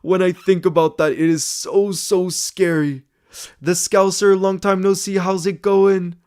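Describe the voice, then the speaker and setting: Excitable man hosting a fan livestream. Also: high-pitched, clear, resonant tone. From Iceland. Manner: excitable, fast-talking, says bro a lot. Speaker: football fan livestream host. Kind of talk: casual livestream chat reading viewer comments.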